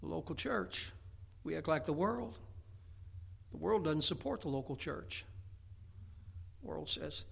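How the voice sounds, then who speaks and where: A middle-aged man, a Baptist pastor, preaching a folksy, emphatic sermon, often stumbling over repeated words and breaking into shouts. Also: a little high, animated, a little slow, gravelly, pauses often, slightly rough. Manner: repeats words when starting a thought.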